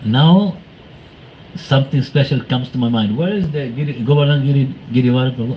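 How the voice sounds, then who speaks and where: A man speaking to a devotional gathering, telling anecdotes in an animated way, acting out quoted voices and laughing often. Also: mid-range voice, fairly quick, muffled recording, slight background noise. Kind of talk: storytelling talk to a congregation.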